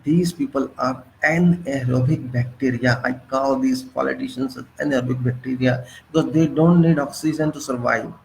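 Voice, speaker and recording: A man's voice: mid-range voice, steady tone, normal speed, gravelly, a little hiss or hum, poor audio. A man in his sixties with an Indian English accent gives an impassioned political monologue, hammering the listener with rhetorical questions. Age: 60s. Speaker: political commentator.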